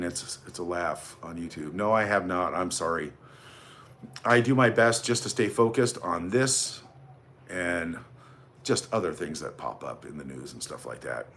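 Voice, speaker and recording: A man's voice: lowish voice, a bit bright. A man hosting a casual livestream, rambling and greeting viewers by name as he reads out their comments. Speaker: livestream host.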